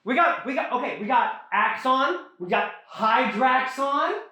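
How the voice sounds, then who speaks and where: A high-voiced man hosts a casual chat, rambling through a story recap with animated energy and frequent swearing. The room gives his voice a roomy echo. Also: a little slow. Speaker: host.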